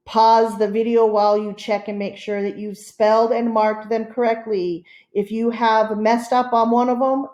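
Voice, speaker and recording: A woman teacher giving a slow, patient, step-by-step spelling lesson, repeating each instruction carefully. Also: mid-range voice, darkish tone. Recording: roomy echo.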